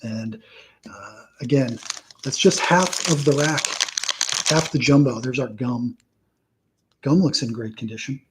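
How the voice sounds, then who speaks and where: A man hosting a casual live stream, reeling off a steady list of names and dropping dry, wry asides along the way. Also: mid-range voice, a little slow, pauses often, background noise. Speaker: host.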